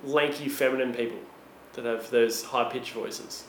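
A man's voice: medium pitch, steady tone, moderate pace, slight background noise. A man, co-hosting a casual quiz podcast with teasing wisecracks. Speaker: podcast co-host. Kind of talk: casual chat, quiz banter. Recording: echoey room.

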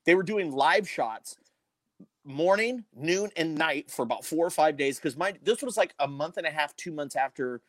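A man, a former morning radio host, telling a story as a podcast guest in a casual, animated way, swearing freely. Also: normal speed, no echo. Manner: animated, swears freely, big swings in pitch and loudness.

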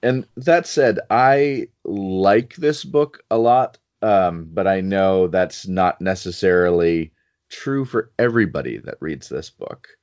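A man co-hosting a casual review chat, talking in a relaxed and thoughtful way and steering the conversation. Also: low voice, takes it slowly, no room sound. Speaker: podcast co-host reviewing a game book. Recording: dry, slightly muffled audio.

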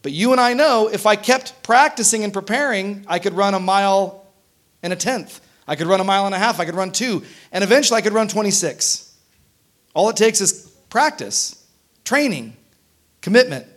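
A man's voice: high-pitched, animated, normal speed, fairly bright tone. A man preaching a sermon as pastor, conversational, often checking in with the congregation. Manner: conversational, frequent tag questions.

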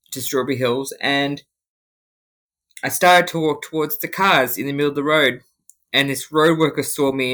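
A man's voice: mid-range voice, bright, forceful tone. A man tells his own story in an interview, tearful, his voice breaking at times. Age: 30s. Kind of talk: emotional personal testimony.

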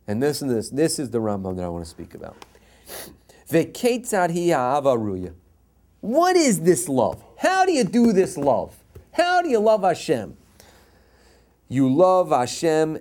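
A man's voice: mid-range voice, wildly swooping pitch, normal speed, darkish tone. A man teaching a Torah class to a live audience, passionate and jokey, repeating key phrases and mixing in Hebrew quotes.

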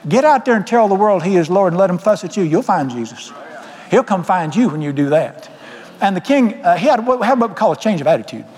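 A Southern pastor's sermon rings out in a church sanctuary with long, hall-like reverb. His high, slightly mellow voice moves fairly fast with lively intonation as he tells folksy, emphatic stories.

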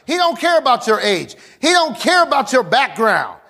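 Casting: a fiery male pastor with a very high voice, shouting his sermon. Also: very animated, moderate pace. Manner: fiery, calls for audience response, often shouts.

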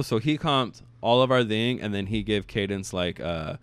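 Low, profane storytelling man. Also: normal speed, smooth, no room sound. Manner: animated, profane storytelling, acts out quotes. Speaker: storyteller in casual chat. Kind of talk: casual chat.

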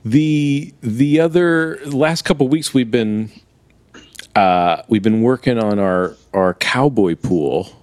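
A man co-hosting a comedy podcast, telling a story in a relaxed, rambling way. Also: mid-range voice, slow pace, dry recording. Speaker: podcast co-host. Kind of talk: casual storytelling chat.

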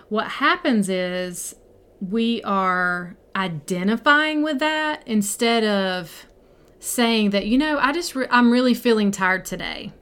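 A woman's voice: mid-range voice, fairly bright tone, smooth. Middle-aged woman, mindset coach, casual and direct, encouraging group talk. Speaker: mindset coach and podcast host. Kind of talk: casual live teaching to a group.

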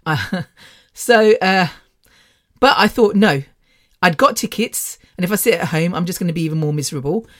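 A woman's voice: lowish voice, expressive, normal speed. Woman, British accent, middle-aged, chatty and rambling, laughs a lot. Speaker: podcast host. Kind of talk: casual personal monologue.

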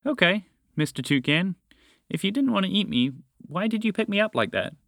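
Man putting on a curious young girl, raised pitch, bright crisp tone, dry. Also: sing-song, moderate pace, no room sound, exaggerated voice. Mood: questioning. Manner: questioning, polite.

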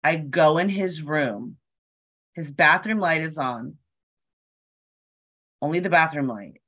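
A woman's voice: sits low, animated, slow, a bit bright. A woman telling a story in casual chat, acting out what people said and swearing freely.

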